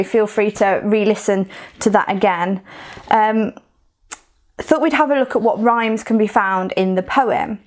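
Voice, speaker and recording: A woman with a Coventry accent leading a recorded poetry lesson, explaining in a chatty way with fillers and restarts. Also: medium pitch. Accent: Coventry English. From Coventry, England. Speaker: poetry workshop leader.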